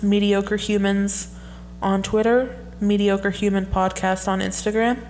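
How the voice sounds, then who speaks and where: A young woman talks through tweets on her solo podcast, casual and rambling. Her voice sits at a middle pitch, and she drifts from one aside to the next in easy, chatty talk. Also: darkish tone, a little hiss or hum. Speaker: podcast host.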